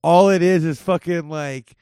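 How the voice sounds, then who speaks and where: A man's voice: a little high, steady tone, unhurried, warm tone, smooth, dry recording, clean studio sound. A young man hosting a podcast in casual chat, joking and rambling with lots of swearing. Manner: profane, jokey, rambling. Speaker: podcast host.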